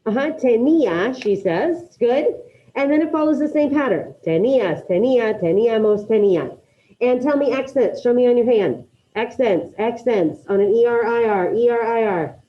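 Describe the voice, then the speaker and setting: A woman's voice: on the high side, animated, moderate pace. A woman teaching a Spanish class online, calling on students by name and encouraging their answers. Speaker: high school Spanish teacher. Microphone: video call. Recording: dull lo-fi video call audio.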